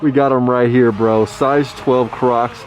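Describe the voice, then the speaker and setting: A man giving a joking vlog of his thrift store finds, hyped and goofy, often jumping into high silly voices. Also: steady tone, slow, faint music behind. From Texas. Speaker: vlogger showing thrift finds. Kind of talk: casual joking vlog narration.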